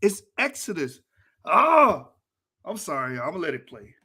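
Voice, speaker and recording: A man's voice: on the high side, big pitch swings, normal speed, bright, forceful tone, husky. A man hosting a reaction video, talking casually in an exasperated, ranting way and breaking into laughter.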